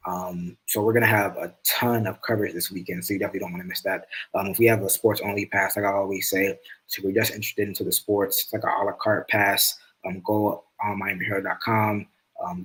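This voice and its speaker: Male sports reporter from the US, podcast guest, easy-going casual chat, slightly low voice. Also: poor audio. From United States. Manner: relaxed, easy-going, laughs often.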